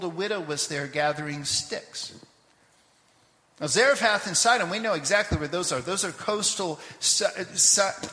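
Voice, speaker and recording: A man preaching a sermon, telling a scripture story in a lively way with asides to the congregation; he grew up in Papua New Guinea. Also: high-pitched, reverberant, in a large hall. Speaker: pastor. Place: church sanctuary.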